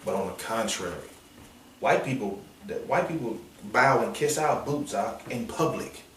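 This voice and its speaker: A man preaching on a downtown street in a forceful, confrontational, slangy manner, with call-and-response from listeners. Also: mid-range voice, expressive, normal speed, slight background noise. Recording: echoey street sound from a distance.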